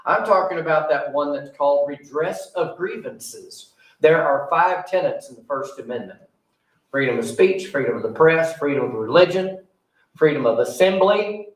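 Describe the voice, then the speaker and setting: A man's voice: on the high side, animated, moderate pace. A male pastor preaching a sermon in a folksy, conversational way, telling a personal story with a joking aside. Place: church sanctuary. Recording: roomy sound from a distant mic.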